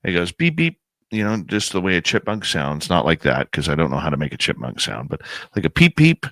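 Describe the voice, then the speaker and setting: A man telling a suspenseful outdoor experience as a guest on a podcast, animated and pausing to build suspense. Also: extremely low pitch, dry recording. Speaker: guest, paranormal researcher and radio host. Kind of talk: casual storytelling in a podcast interview.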